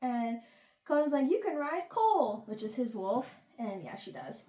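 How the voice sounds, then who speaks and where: A woman's voice: fairly high pitch, very animated, moderate pace, mellow. A young woman hosting a casual book review chat, giggling and acting out the characters' lines. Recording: echoey room.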